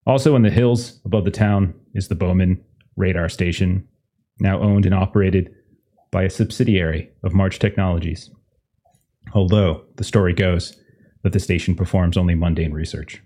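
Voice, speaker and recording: Very deep-voiced game master. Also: male voice, steady tone, moderate pace, dark tone. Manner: swears casually, mock-stern. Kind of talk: game master recap and table banter.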